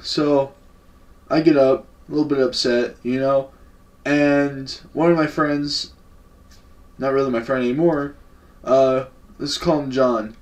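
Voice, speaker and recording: A man's voice: medium pitch, steady tone, unhurried, long pauses. A young man telling a casual story-time vlog in a laid-back, slangy and profane way. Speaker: vlogger. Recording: voice a bit far from the mic.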